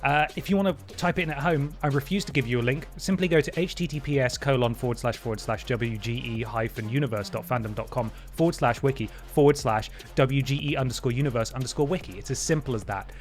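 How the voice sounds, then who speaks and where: A man's voice: mid-range voice, fast, few pauses. Guy hosting his stream, talky and wry, bit of music behind. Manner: chatty and wry, with playful voice jumps. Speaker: livestream host. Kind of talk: casual stream chat, thanking viewers.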